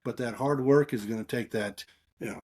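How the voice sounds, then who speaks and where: A man's voice: medium pitch, a little fast, darkish tone, husky. A middle-aged man, a father and coach, talking in an easygoing, reflective way. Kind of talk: casual chat.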